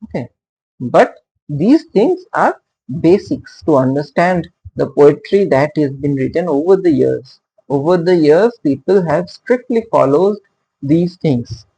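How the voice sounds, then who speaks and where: Slow, gravelly male literature teacher. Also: a little high, animated, mellow, poor audio. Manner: halting, with frequent fillers and "okay" checks; sounds out stress patterns aloud. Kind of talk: explanatory lecture.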